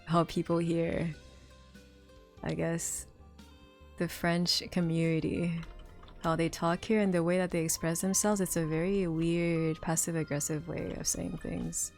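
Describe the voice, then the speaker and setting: A woman's voice: fairly low pitch, little pitch movement, measured pace, darkish tone. A woman streamer chatting casually with viewers, rambling with lots of fillers and restarts. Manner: rambling, many fillers and restarts, laughs often. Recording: faint music underneath.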